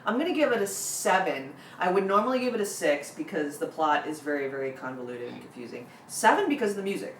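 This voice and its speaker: A woman's voice: low voice, fast, hardly any pauses, far from the mic. A woman co-hosting a casual movie review chat, teasing and playful. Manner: playful, teasing, lively interjections. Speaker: co-host of a movie review show. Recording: echoey room, off-mic, faint noise.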